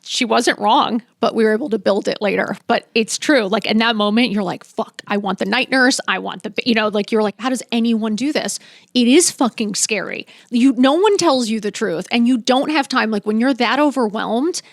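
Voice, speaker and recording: Fifties woman guest, frank storyteller, bit high pitched, dry studio sound. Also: moderate pace, creaky, few pauses, no room sound. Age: 50s. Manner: blunt, emphatic, swears freely, acts out dialogue. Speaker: podcast guest. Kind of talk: candid storytelling.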